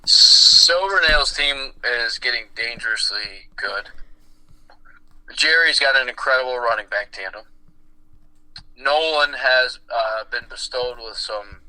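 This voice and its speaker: Bright-voiced, swearing podcast guy. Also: medium pitch, slow pace, low-quality recording. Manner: profane, storytelling, acts out quoted voices. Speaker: podcast co-host. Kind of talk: casual chat.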